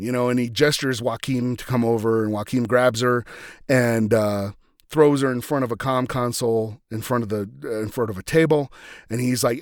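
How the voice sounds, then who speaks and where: A man hosting a podcast talks through a TV episode in a loose, rambling way, full of "uh" and "you know". His voice sits at an ordinary middle pitch. The recording is close and dry, with no room sound. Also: normal speed, dry recording. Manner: rambling, filler-heavy, conversational. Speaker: podcast host. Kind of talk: casual retelling of a TV episode.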